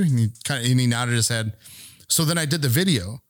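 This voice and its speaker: A man's voice: medium pitch, quick pace, no room sound. Rambling storyteller man, dry close mic. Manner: rambling, swears freely, acts out quotes. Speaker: podcast co-host. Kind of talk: casual storytelling.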